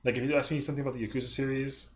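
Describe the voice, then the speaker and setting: A man's voice: mid-range voice, little pitch movement, very fast, slight background noise. A young man chatting casually on a stream, rambling, swearing freely and acting out other people's lines in exaggerated voices.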